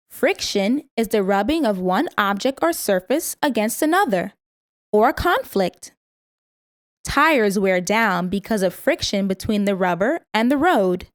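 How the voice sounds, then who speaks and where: A woman reading a vocabulary lesson, saying each word, its part of speech, its meaning and an example sentence, and pausing for the listener to repeat it. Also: medium pitch, no echo, studio quality. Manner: slow, careful word-by-word pronunciation. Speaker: vocabulary teacher.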